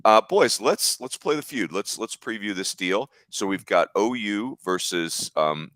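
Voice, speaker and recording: A man's voice: on the low side, lively intonation, measured pace, fairly bright tone, no room sound. A man hosting a casual sports talk show, jokey and upbeat, teasing his co-hosts as he leads the discussion. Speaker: podcast host.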